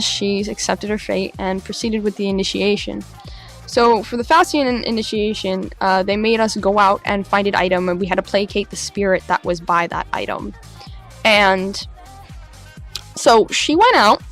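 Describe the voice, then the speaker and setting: A woman vlogger dramatically retelling a live-action role-play adventure, casual and expressive. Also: mid-range voice, creaky. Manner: animated, dramatic retelling with laughs. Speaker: LARP vlogger. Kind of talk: casual storytelling.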